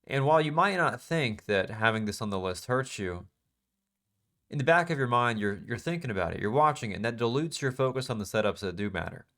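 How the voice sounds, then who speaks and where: A man's voice: mid-range voice, animated, a little fast, fairly bright tone. A man teaching a live trading class in a casual, emphatic way, repeating phrases and asking the class questions. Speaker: trading instructor.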